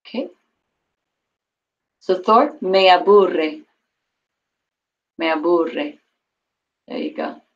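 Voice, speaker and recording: A woman's voice: deep voice, wildly swooping pitch, slow, long pauses. Woman teaching a Spanish class. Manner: encouraging, explains patiently with fillers. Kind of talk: online class instruction. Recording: dull lo-fi call audio.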